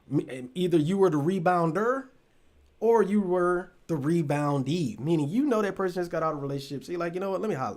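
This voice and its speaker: A man hosting a relationship talk show, chatting loosely with his live audience. He swears freely, laughs often and trails off mid-thought. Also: high-pitched. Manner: addresses the audience directly. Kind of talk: casual live-stream chat with viewers.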